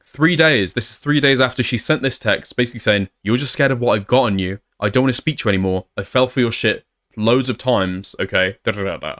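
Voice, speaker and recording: A man's voice: medium pitch, brisk, a bit bright. Blunt man reading out messages. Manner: sarcastic, blunt, swears. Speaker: commentator.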